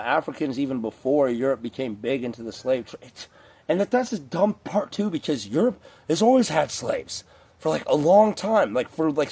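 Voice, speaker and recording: A man's voice: mid-range voice, warm tone. A man in a casual, rambling vlog rant, profane and digressive, a few beers in. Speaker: vlogger.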